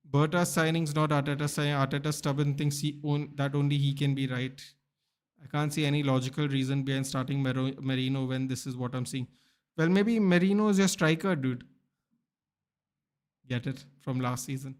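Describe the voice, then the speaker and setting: A man's voice: fairly high pitch, steady tone, brisk, a little mellow, clean tone. Bantering young man on a football stream. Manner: chatty, bantering, addresses viewers by name. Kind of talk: casual live-stream chat reading viewer comments.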